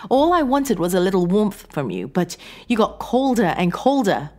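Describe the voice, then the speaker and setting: Playing a pleading, hurt wife confronting divorce in a horror tale, a woman sounds tearful and shaky. She speaks at normal speed in a lowish, expressive voice that is pushed up.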